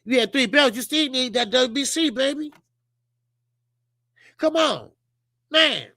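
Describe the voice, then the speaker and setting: Man, boxing stream host, profane and rambling, bright tense voice, dry close sound. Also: very high voice, animated, slow pace, no echo. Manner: blunt, profane, repeats himself, many fillers. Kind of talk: casual livestream commentary.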